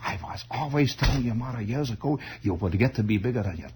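A man's voice: medium pitch, quick pace, noisy background, natural voice. A man voicing a frail, sentimental elderly uncle with a German accent, who talks breathily and repeats himself. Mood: doting. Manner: breathy, repetitive, gushing and rambling.

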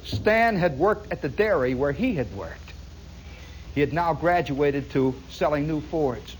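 A man telling a long story in a rambling, animated way, full of asides. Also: fairly high pitch, a little slow, a little hiss or hum, rough recording. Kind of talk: spoken storytelling monologue.

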